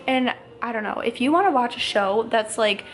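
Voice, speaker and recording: A woman in her twenties and a young mother, ranting casually to camera in a fast, rambling way full of "like". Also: fairly high pitch, a little hiss or hum. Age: 20s.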